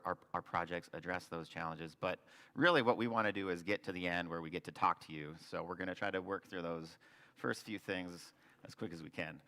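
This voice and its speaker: A local developer presents slides to an audience in a meeting hall, his low voice sounding pushed and bright. His explanations are earnest and full of restarts, and the recording carries a long hall reverb.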